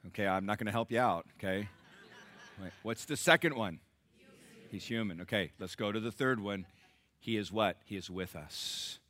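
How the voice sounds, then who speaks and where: Forceful bright-voiced preaching pastor, man. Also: on the low side, moderate pace. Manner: preaching with call-and-response to the congregation; swings between loud emphatic bursts and hushed soft passages. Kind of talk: sermon.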